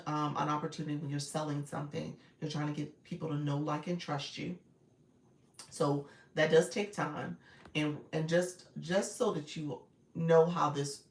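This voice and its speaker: A woman's voice: sits low, a little mellow. A woman live-streaming coach giving casual advice and answering viewer comments as she goes. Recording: roomy echo, distant from mic.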